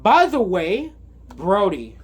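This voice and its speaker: Male reviewer, unhurried, rambling and filler-heavy, slightly high voice. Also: wildly swooping pitch, husky. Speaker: movie reviewer. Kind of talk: casual movie recap.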